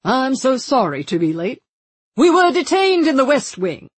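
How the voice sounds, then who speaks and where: Lady doing a smooth mid-atlantic gent, forties, courtly and jovial, slow drawn-out lines, kinda husky. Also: very high voice, very animated, dry recording, pitched above the performer's own voice, exaggerated voice. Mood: genial. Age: 40s. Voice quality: suave, courtly, drawn-out delivery. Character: jovial, polished male official in his early forties.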